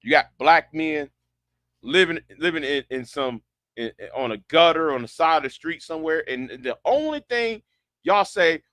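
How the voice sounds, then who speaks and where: Sarcastic man ranting, bright voice. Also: fairly high pitch, lively intonation, normal speed, no room sound, studio quality. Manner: sarcastic, incredulous, repeats himself. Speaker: online commentator. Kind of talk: ranting commentary.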